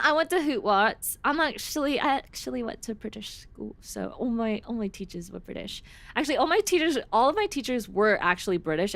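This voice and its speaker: A woman's voice: mid-range voice, fairly bright tone. A young woman with an American accent, chatting casually as a streamer in a rambling, giggly way on a desk microphone at home. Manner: chatty and rambling, restarts sentences, giggles often.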